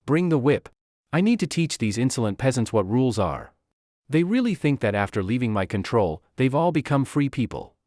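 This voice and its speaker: A man voicing an arrogant, hot-tempered young nobleman who shouts at commoners. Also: medium pitch, very animated, normal speed, no echo, studio quality, lightly acted. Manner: haughty, shouting.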